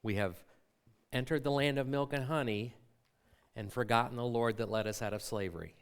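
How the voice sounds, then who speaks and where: A man's voice: mid-range voice, moderate pace, clear, resonant tone. A middle-aged man preaching a sermon as a pastor in a church, conversational and full of rhetorical questions to the congregation. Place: church sanctuary.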